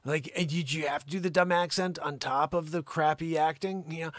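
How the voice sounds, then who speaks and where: Hosting a live improv comedy show, a man rants at a caller with mock outrage and teasing. His slightly high, bright voice keeps a fairly even intonation and moves briskly with few pauses, recorded close and dry with no room echo.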